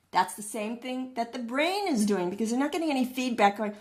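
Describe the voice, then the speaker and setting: A woman's voice: a little high, expressive, fairly quick, hardly any pauses. A middle-aged woman gives a friendly, explanatory lecture as a wellness educator. She talks casually and fills the lesson with everyday analogies, sometimes acting out little voices to make a point. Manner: chatty, acts out little voices in her analogies.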